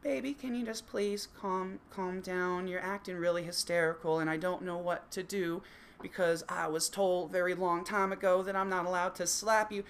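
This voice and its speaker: A man voicing a meek young boyfriend who pleads softly with his partner. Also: high voice, moderate pace, background noise, close to an everyday voice. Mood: timid pleading. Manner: soft, timid pleading.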